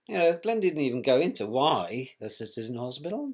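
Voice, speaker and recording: A man's voice: on the high side, big pitch swings, fairly quick, few pauses, darkish tone, slightly rough. A man recounting events about his brother, in a scornful, colloquial storytelling manner. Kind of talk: personal storytelling.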